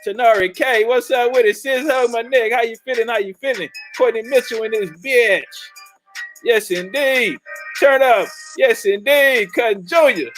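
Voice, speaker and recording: A man hosting a casual livestream, loudly and profanely shouting out viewers and joking with his chat. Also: extremely high pitch, moderate pace, faint music behind, poor audio. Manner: loud, profane, hyped-up banter with chat. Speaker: livestream host.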